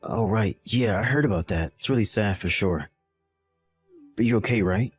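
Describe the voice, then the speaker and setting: A man's voice: fairly low pitch, moderate pace, slightly rough, soft background music. A man playing a dismissive, callous young husband in a voiced text-message drama, irritated and condescending.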